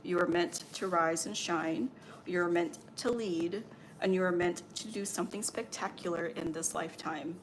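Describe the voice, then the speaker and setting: A woman's voice: fairly low pitch, moderate pace, a little hiss or hum. A woman who works as a spiritual medium and Reiki healer, passing on channeled messages in a meandering, reassuring livestream talk full of fillers.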